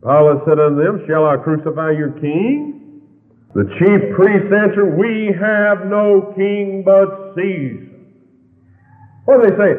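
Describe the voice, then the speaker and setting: A man preaching a fiery sermon, with sudden loud, high swings in his delivery. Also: animated, a little slow. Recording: tinny, lo-fi recording in a long-echo hall.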